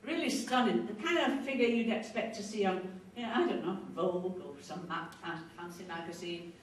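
A woman's voice: medium pitch, a little fast, a little hiss or hum. A woman giving an earnest storytelling lecture, acting out the voices she quotes. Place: lecture hall. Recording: echoey hall, distant mic, faint ambience.

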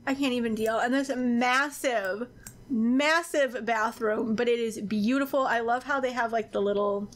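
Excitable woman gushing over a video game, kinda high voice, lots of gasps. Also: measured pace. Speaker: Sims gameplay YouTuber. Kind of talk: casual gameplay commentary.

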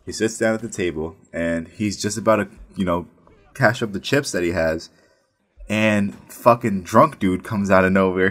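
A man's voice: low-pitched, a bit bright. A man casually telling a story about his work as a casino dealer, rambling and profane, with many restarts.

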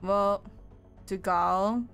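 A woman's voice: medium pitch, fairly even intonation, takes it slowly, fairly bright tone, clear, resonant tone, soft background music. A woman co-hosting a game live stream in casual chat, playful and teasing, laughing often. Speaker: streamer co-host.

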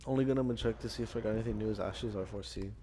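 A man's voice: lowish voice, racing, warm tone, a little hiss or hum. Young man telling a laughing gaming story. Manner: laughing storyteller, swears a lot, mimics friends. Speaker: gaming channel host. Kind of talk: casual gaming chat with a friend.

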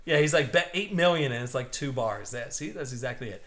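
A man in his thirties hosting a live card break stream, excited and joking with viewers. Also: medium pitch, fast talker. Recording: echoey room.

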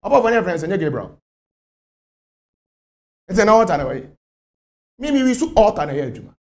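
A man from Ghana speaks as a spiritual leader in an interview. His voice sits high and swings widely in pitch. He talks emphatically, hammering on repeated phrases. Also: big pitch swings, fairly quick, darkish tone. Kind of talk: interview answers.

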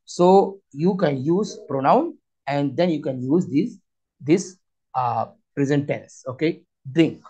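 A man teaching a spoken language lesson, with slow, repetitive, halting phrasing. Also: fairly high pitch, mellow, breathy edge. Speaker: Arabic teacher. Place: Qatar.

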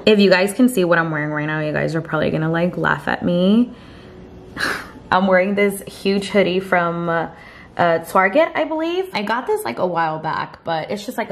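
A woman's voice: on the low side, a little hiss or hum. A young woman chatting casually into her vlogging camera at home, peppering her talk with "like". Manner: chatty, heavy use of "like". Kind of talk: casual vlog chat. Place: indoors at home.

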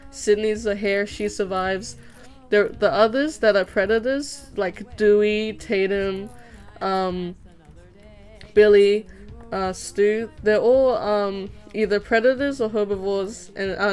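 Rambling, excitable young woman streamer. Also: mid-range voice, measured pace, clean tone. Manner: rambling, excitable, laughs often. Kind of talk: casual chat while drawing on stream.

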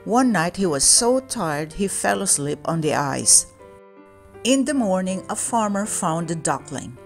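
A woman reading a children's storybook aloud in a calm, measured way. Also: lowish voice, gravelly, faint music behind. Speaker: children's book reader.

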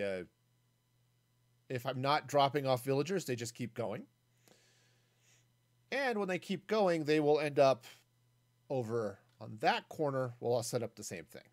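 A man streaming a game solo, giving casual, rambling commentary as he builds, thinking aloud with self-mocking jokes and asides. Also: medium pitch.

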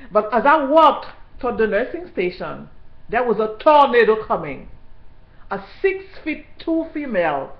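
A woman who worked in hospital care tells her story as a personal testimony, indignant and halting, with many restarts. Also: fairly high pitch, echoey room, muffled recording.

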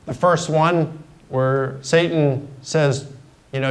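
A man's voice: fairly high pitch, fairly even intonation, slow pace, rough recording. A middle-aged man giving a university guest lecture in a conversational way, explaining points through simple examples. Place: lecture hall.

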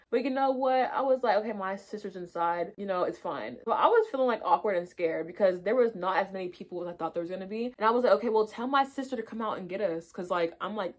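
A woman's voice: mid-range voice, brisk, few pauses. A woman vlogger chatting through a storytime while getting ready, swearing freely and acting out what people said. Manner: animated, swears a lot, acts out quotes. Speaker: beauty vlogger.

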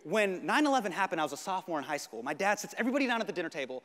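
A man in his thirties doing animated stand-up storytelling on stage. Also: sits high, fast, long reverb tail. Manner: animated, expressive, shifts between shouting and hushed. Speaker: stand-up comedian.

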